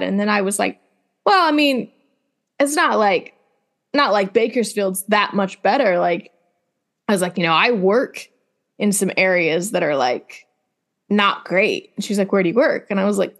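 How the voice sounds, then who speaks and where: A woman co-hosting a podcast over a remote call, chatting in a wry way that talks in circles. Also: medium pitch. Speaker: podcast co-host. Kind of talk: casual chat.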